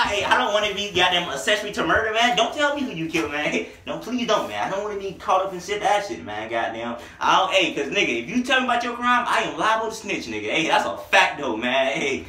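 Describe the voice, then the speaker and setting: A man's voice: a little high, big pitch swings, fast, hardly any pauses, bright, forceful tone, a little hiss or hum. A young man casually reviewing a mixtape in a rambling, profane, joking way. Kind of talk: casual comedic music review. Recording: echoey room, mic at a distance.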